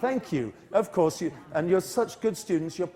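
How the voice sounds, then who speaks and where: A man's voice: high-pitched, normal speed. A man from the United Kingdom with a British English accent, giving a live teacher-training talk in a university hall and energetically coaxing the audience to repeat after him. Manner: energetic, coaxes the audience into choral repetition.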